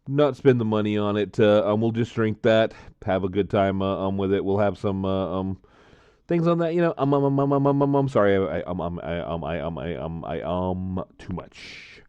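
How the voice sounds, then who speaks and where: A man's voice: low-pitched, moderate pace, darkish tone, clean tone, no room sound. Guy rambling about drinks, um and uh everywhere, dry dull-ish audio. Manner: frequent filler sounds; chatty, rambling, repeats himself. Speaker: vlogger tasting drinks. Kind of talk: casual chat to camera.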